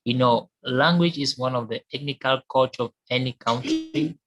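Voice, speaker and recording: A man's voice: mid-range voice, normal speed, rough recording. A man giving his opinion in an online discussion, earnest and repeating his points for emphasis over a call. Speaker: discussion participant.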